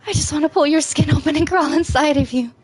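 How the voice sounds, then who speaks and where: A woman's voice: high voice, fast talker, a little mellow, pitched above the performer's own voice, close to an everyday voice. A woman voicing an obsessive lovestruck schoolgirl from a game, reading the lines fervently and pleadingly. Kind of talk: reading game dialogue aloud.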